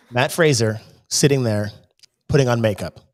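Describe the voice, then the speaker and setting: A man co-hosting a casual podcast, playful and full of jokes. His voice sits at an ordinary middle pitch, and he spins comic bits in a relaxed, chatty way. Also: slow pace. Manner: playful, jokey storyteller. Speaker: podcast co-host.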